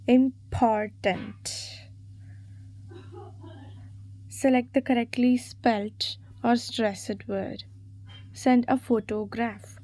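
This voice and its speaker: A woman narrates exam revision material, voicing quiz questions and answers and spelling words letter by letter. Her voice is a little high and mellow.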